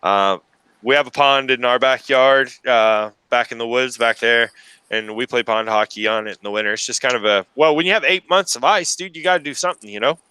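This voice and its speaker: A man hosting a casual chat interview, teasing his guest with wry jokes. His voice is bright and crisp, recorded dry and close with no room sound. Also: medium pitch, a little fast, no echo. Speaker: interview host.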